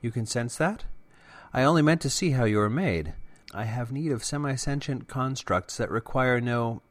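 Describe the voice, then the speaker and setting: A man reads an inquisitive mind-explorer, his voice lifted higher than his narration and edged with wary questions. The recording is close and dry, with no room around it. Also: moderate pace, dry recording, natural voice. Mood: curious.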